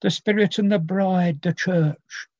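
A man preaching in a high voice, slow and earnest, pausing over old scripture as he calls to his hearers. The sound is dull and lo-fi, dry with no room around it. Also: fairly even intonation, a little mellow, no echo. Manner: slow, earnest, quoting archaic scripture with pauses. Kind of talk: sermon.

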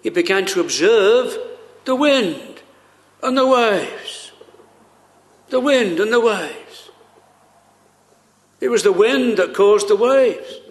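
A man preaching a solemn, earnest sermon with slow pauses, quoting old scripture. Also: high-pitched, expressive.

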